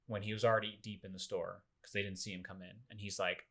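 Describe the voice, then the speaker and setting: Lively low-voiced man retelling a story. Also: moderate pace. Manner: animated storyteller, acts out quoted people. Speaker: podcast co-host. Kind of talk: casual discussion podcast.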